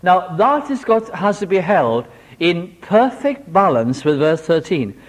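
A Welsh man preaching a sermon, animated and homely, telling a simple story with small jokes. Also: sits high, unhurried. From Wales.

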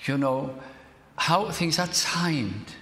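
An older man with a Welsh accent, preaching a sermon and telling a personal story, earnest and slowing down to stress key words. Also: a little high, lively intonation, a bit bright. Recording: echoey church hall.

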